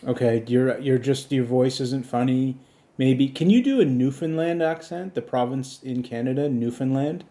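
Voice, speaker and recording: A man runs a comedy podcast and talks back and forth with a voice assistant. His tone is dark and mellow. He speaks in a dry, insistent way and often lectures. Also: mid-range voice, normal speed. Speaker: podcast host.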